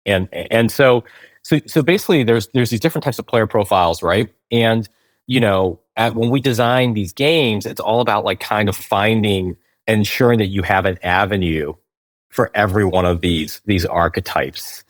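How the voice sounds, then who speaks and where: A man with a fairly low voice explains ideas in a conversational interview, often checking in with "right?" and restarting his sentences. The sound is dry and close to the mic. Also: normal speed, dry recording. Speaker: game company founder, guest.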